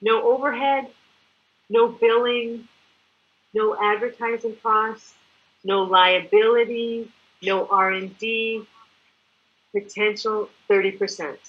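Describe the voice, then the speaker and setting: A woman's voice: on the high side, slow, pauses often, muffled recording. A woman giving an enthusiastic, chatty sales presentation and acting out examples as she goes. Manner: animated, chatty, acts out examples. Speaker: product distributor presenter. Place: living in Mexico.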